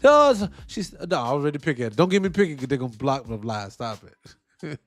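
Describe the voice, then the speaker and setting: Speaking in a mid-range voice at a quick pace, a man hosts a wrestling podcast. He offers blunt, profane opinions in an animated, casual style and answers whatever his chat throws at him.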